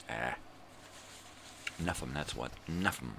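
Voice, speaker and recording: An older man from Southern California talks in an extremely low voice with a gravelly rasp. He rambles through a morning video monologue. He swears freely and rants with long drawn-out fillers. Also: sing-song, a bit bright, slight background noise. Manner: profane, ranting, drawn-out fillers. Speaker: vlog host.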